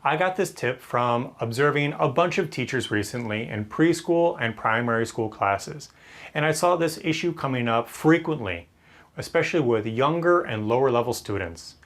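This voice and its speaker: A man, a teacher trainer, explaining classroom techniques in a clear, friendly instructional video. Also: mid-range voice, animated, moderate pace, fairly bright tone.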